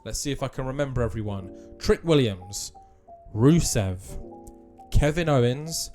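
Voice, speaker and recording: A man's voice: mid-range voice, animated, unhurried, a little mellow, soft background music. A man giving casual, offhand commentary on a wrestling game.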